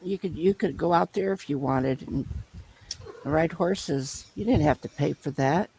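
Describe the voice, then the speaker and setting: A man telling a long personal story in casual chat, rambling and halting as he loops back over his points. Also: fairly high pitch, a little mellow, breathy edge, rough recording. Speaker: storyteller in a conversation.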